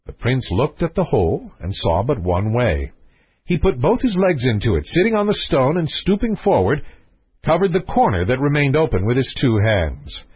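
A man reading a fairy tale aloud as narrator, with an expressive, varied delivery and a husky voice. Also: mid-range voice, no room sound, highs cut off. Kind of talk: storybook reading.

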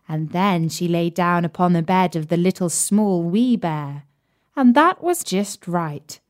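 Slow, gentle woman reading a storybook. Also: on the low side. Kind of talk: storybook read-aloud.

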